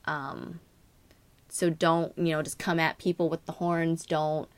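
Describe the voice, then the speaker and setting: Low-voiced chatty woman tarot reader. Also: little pitch movement, a little slow, dry recording. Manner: rambling, many fillers and "like". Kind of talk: casual astrology reading.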